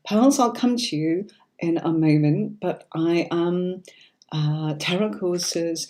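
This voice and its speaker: A British woman with a neutral standard accent and a fairly low, warm, mellow voice, hosting a live tarot reading. She chats easily and reassures her viewers, often pausing to ask "okay?" before moving on. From Yorkshire, England. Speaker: tarot reader hosting a livestream.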